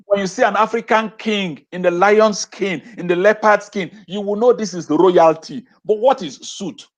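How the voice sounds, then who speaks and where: His voice sits high and his pace is moderate. He's an interview guest and educator on a video call, speaking with passion while repeating phrases and asking rhetorical questions.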